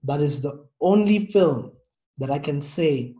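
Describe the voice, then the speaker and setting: A man's voice: fairly high pitch, expressive, a little slow, warm tone. A man from Africa speaking earnestly in a casual discussion, stressing his points and checking in with "right?". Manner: earnest and emphatic, peppered with "right?".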